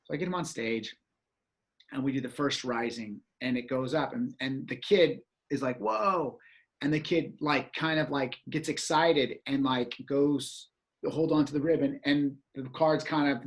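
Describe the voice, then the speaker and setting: A man telling a story in casual chat, animated and acting out reactions with exclamations. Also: a little high, normal speed.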